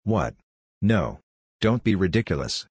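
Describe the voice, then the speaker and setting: A man's voice: deep voice, very animated, measured pace, a little mellow, breathy edge, no echo, clean studio sound, heavily acted. A man reading aloud voicing a blunt, condescending, tired man with a curt manner.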